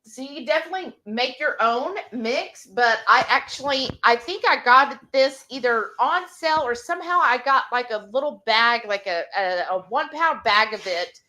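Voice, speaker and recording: A woman hosting a live cooking stream, chatting casually in an excited, rambling way. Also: a little high, normal speed, hardly any pauses.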